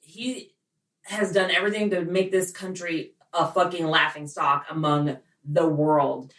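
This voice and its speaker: Lowish-voiced woman cohost, blunt, swears, off mic in an echoey room. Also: steady tone, measured pace, a bit bright, distant mic. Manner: blunt and indignant, swears freely. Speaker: podcast co-host. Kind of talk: casual chat.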